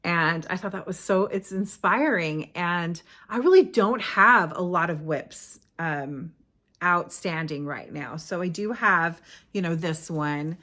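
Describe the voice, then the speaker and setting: A woman's voice: lowish voice, slow pace, bright, forceful tone. A middle-aged woman hosting her own craft podcast in casual, rambling chat, often stopping to correct herself. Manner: chatty and rambling, with frequent self-corrections. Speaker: podcast host.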